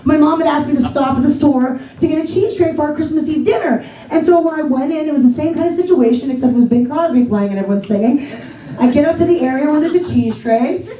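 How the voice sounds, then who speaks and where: Woman stand-up from the Pittsburgh area, chatty and self-deprecating, high voice, roomy and distant stage sound. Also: quick pace, warm tone. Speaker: stand-up comedian. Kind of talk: stand-up comedy set. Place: comedy theater stage.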